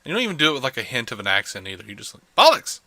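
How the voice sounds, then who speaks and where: A man hosting a podcast in casual chat, talkative and quick to laugh, on a desk microphone. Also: lowish voice, very animated, pushed and bright, no echo. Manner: chatty, laughs often. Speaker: podcast host. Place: home desk setup. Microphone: studio microphone.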